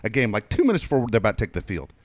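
A man's voice: very fast, dry recording. A man telling profane anecdotes in casual chat as a podcast co-host. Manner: animated, profane anecdotes with swings in pitch. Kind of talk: casual storytelling.

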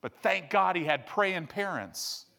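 A man preaching a sermon, telling stories animatedly, with sudden loud bursts and quiet asides. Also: a little slow, vocal fry. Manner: animated storyteller, swings between loud bursts and low hushed asides. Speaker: pastor. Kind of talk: sermon storytelling.

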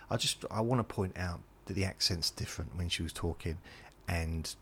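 A man with a very low, gravelly voice rambles through a comic monologue. He drops self-deprecating, deadpan asides as he goes. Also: normal speed, few pauses. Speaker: comedian and podcast host.

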